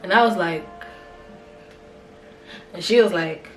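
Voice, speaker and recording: A young South African woman telling a story in a casual, animated vlog, chatty and full of fillers. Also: lowish voice, slow, far from the mic, soft background music. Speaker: vlogger. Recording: roomy echo, off-mic.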